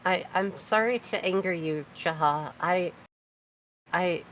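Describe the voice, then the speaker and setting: A woman's voice: fairly low pitch, takes it slowly, fairly bright tone, slight background noise, poor audio. A woman voicing a timid young female adventurer who stammers and apologizes in a tabletop game. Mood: pleading. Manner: stammering, pleading.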